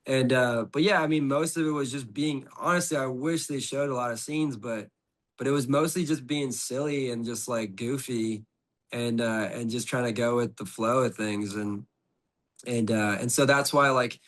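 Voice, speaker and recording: A man's voice: mid-range voice, fairly even intonation, moderate pace, fairly bright tone. A middle-aged man, a podcast guest, telling a story in casual conversation, rambling with lots of "like" and restarts.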